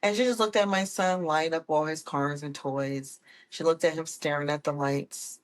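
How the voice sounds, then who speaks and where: A woman guest telling her personal story in a casual, lively way, often correcting herself as she goes. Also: low voice, moderate pace. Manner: animated, acts out quoted people with voice changes; laughs often, corrects herself mid-sentence. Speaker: guest, autism mom.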